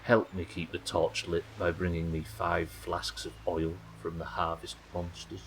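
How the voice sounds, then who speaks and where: A man voicing a solemn, ghostly old male sea captain, reading slowly and gravely with a very deep voice. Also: monotone, a bit bright, slight background noise, poor audio. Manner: slow, low, grave quest-text reading.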